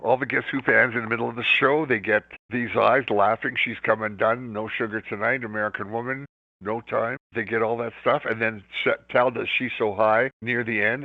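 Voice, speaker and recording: A man's voice: medium pitch, no room sound. An older man from Canada, a rock musician telling rambling, enthusiastic anecdotes as an interview guest. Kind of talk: casual storytelling interview. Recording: tinny phone line.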